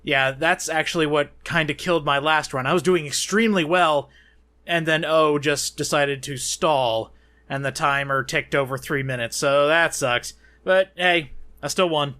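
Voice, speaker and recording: A man's voice: a little high, normal speed, sharp tone. A man hosting a let's play, giving goofy, self-mocking gameplay commentary. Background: game music.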